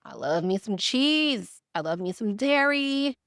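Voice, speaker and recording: A young woman from Milwaukee chatting to her viewers while she cooks in her home kitchen, animated and laughing easily. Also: fairly low pitch, unhurried, creaky, no room sound, clean studio sound. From Milwaukee, Wisconsin, USA. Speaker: cooking vlogger. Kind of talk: casual chatty cooking vlog.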